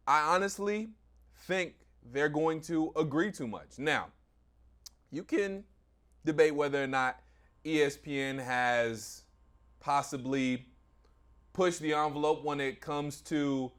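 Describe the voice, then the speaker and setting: A man's voice: mid-range voice, a bit bright. A man, a sports radio personality, debating sports media in a confident, emphatic, point-by-point way.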